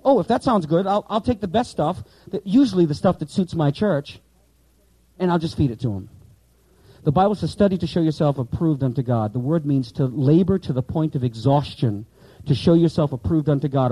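Warm, emphatic male Bible teacher. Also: fairly high pitch, a little fast, dry recording, low-quality recording. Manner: emphatic, repeats key words, asks the class questions. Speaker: Bible teacher for pastors in training.

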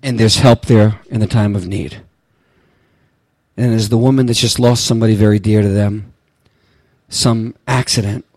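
A man preaching a sermon as pastor, telling stories and swinging from quiet, low passages to impassioned, near-shouted ones. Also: fairly even intonation, normal speed, dry recording.

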